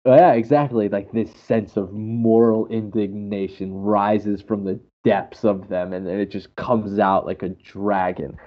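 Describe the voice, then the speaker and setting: A man chatting casually and telling animated, laughing stories. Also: lowish voice, measured pace, hardly any pauses. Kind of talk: casual chat. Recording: dull lo-fi audio.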